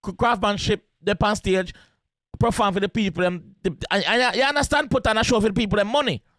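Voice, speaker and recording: A man's voice: high voice, a little fast, a bit bright, no room sound. A man with a Jamaican accent giving casual, emphatic commentary on a song as host of a reaction video, repeating his points in patois slang.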